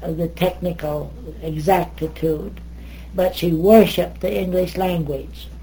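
An older American woman telling stories in an interview, lively, wandering, and often correcting herself. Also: lowish voice, measured pace, slight background noise, poor audio. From United States. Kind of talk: oral history storytelling.

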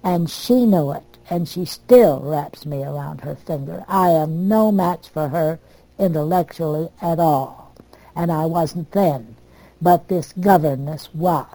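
An older American woman telling family stories from her past in a plain, unhurried way. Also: sits low, mellow, no echo, poor audio. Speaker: storyteller. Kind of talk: oral history reminiscence.

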